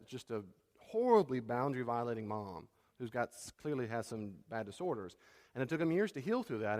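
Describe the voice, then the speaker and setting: A man's voice: medium pitch, big-room sound. A middle-aged man preaching a sermon as a pastor, talking conversationally and repeating key phrases.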